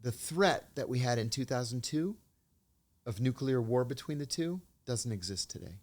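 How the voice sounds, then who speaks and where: Man, middle-aged, interview guest, measured storytelling, average pitch. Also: lively intonation, a little mellow. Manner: measured anecdotal storytelling, acts out quoted dialogue. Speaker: guest, former intelligence officer.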